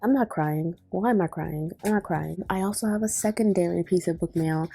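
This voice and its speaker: A young woman chatting casually to the camera in a rambling, excitable way. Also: fairly low pitch, a little fast, creaky, faint music behind. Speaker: vlogger. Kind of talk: casual vlog chat.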